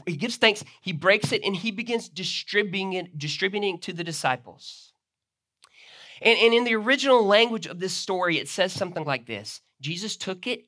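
Guy preaching a sermon, bright punchy voice, retells the bible story like he's there. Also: a little high. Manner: expository preaching with dramatic retellings of the text. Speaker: pastor.

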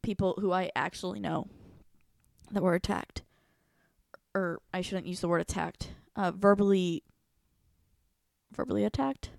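A woman's voice: on the low side, unhurried, creaky, long pauses, darkish tone, no echo, clean studio sound. A woman co-hosting a casual talk show, retelling a personal story candidly and animatedly, swearing freely. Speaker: podcast co-host.

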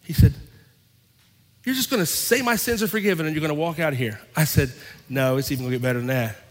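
A male pastor with a fairly high voice tells a sermon story with lively acted-out dialogue. His voice rings with the long reverb of a big sanctuary. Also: fast talker. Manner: animated storyteller acting out both sides of an argument. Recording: long reverb of a large hall.

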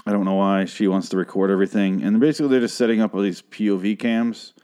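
Guy with a kinda low dry voice, swearing a lot, rambling through a tv recap on his podcast mic. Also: fast, smooth. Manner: profane, rambling, animated. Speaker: podcast host recapping a TV show. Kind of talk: casual recap chat. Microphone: podcast microphone.

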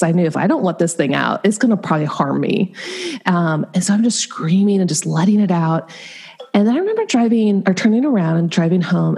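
A middle-aged woman talks openly about her own growth as a coach, her delivery animated and peppered with fillers. Her voice sits a little low, mellow and dark in tone. A gravelly fry and a husky grain run through her speech. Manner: candid, animated, frequent fillers. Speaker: Enneagram coach and guest. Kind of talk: casual interview storytelling.

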